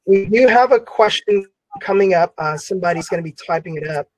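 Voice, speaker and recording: A man's voice: high voice, brisk, dry recording, rough recording. A man hosting an online Bible class discussion, talking casually with many fillers. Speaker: class host.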